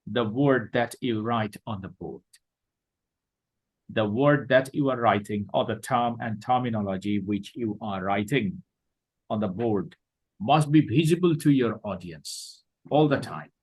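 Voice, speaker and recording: A man with a Bangladeshi accent gives a classroom lecture at an unhurried, measured pace. His voice is a little husky, and he goes over each point more than once. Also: mid-range voice, rough recording. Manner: slow, deliberate, repeats points. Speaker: teacher.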